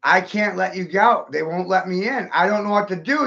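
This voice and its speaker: A man's voice: high-pitched, normal speed, vocal fry, hardly any pauses, fairly bright tone. Angry ranting guy, tense voice, kinda muffled lo-fi sound. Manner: agitated, profane, ranting. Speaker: livestreamer. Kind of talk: angry live-stream rant.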